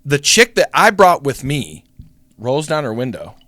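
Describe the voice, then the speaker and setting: A young man spins a story on a podcast, casual and profane, his pitch swinging widely as he acts out other people's lines. The sound is dry and close, with no room in it. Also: a little slow, no room sound. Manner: animated, swearing, acts out voices in the story. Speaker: podcast co-host.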